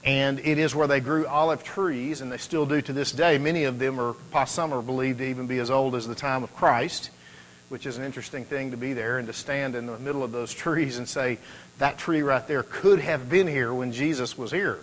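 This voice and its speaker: Guy preaching, chatty sermon style, climbs up to loud emphatic bits then pauses. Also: mid-range voice, steady tone, poor audio. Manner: conversational preaching, rising to emphatic peaks with pauses. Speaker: pastor.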